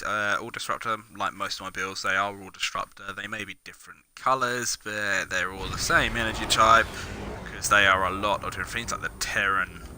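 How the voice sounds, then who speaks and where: A man reviewing a video game as he plays, chatting casually, muttering asides under his breath and throwing in playful exclamations. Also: on the low side. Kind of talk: casual gameplay commentary. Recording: noticeable background noise.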